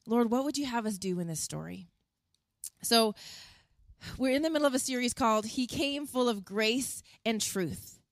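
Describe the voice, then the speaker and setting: A woman preaching a sermon as a pastor, earnest and animated, acting out quotes as she tells the story. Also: on the high side, normal speed, no room sound. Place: outdoors in wind.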